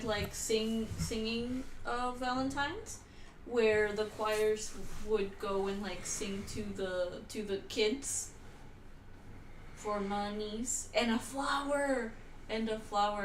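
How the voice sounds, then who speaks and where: A woman's voice: mid-range voice, steady tone, slow pace, roomy sound, far from the mic, a little hiss or hum, low-quality recording. A woman co-hosting a casual comedic chat, teasing and laughing. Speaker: co-host.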